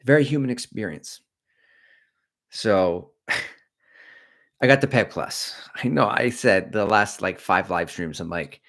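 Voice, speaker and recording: A middle-aged man with a deep, low voice hosts a running livestream. He talks candidly and rambles, cracking jokes as he moves from one thing to the next. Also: takes it slowly, pauses often, fairly bright tone. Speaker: running channel host. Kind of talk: casual livestream chat.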